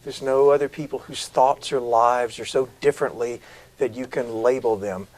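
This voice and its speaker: Brief: middle-aged male actor, interview guest, expressive storyteller, average pitch. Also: moderate pace, rough recording. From South Carolina. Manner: animated storyteller, varied delivery. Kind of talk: interview conversation.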